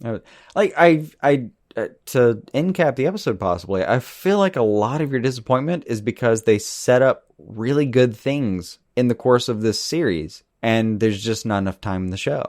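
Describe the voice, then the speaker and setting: A man's voice: mid-range voice, lively intonation, moderate pace, a little mellow, no echo, clean studio sound. A man co-hosting a podcast about comic-book shows, chatting casually, laughing often and swearing freely. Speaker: podcast co-host. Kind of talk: casual chat.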